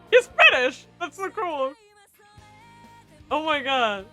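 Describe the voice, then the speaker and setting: A woman streamer reacts live with a very high, bright voice that swoops around a lot. She talks slowly and giggles often between gushing remarks, with faint music behind her. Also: sing-song.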